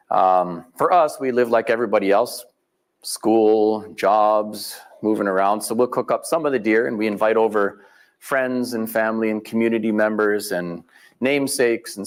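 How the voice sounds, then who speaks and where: A middle-aged man giving a talk as guest speaker, telling stories in a folksy way and acting out the people he quotes. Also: lowish voice. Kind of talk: storytelling lecture. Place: live event venue.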